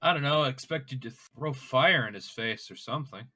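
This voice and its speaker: A man's voice: mid-range voice, normal speed, sharp tone. A man playing in a casual tabletop game, making dry, sardonic remarks. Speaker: player. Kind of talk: casual tabletop role-play.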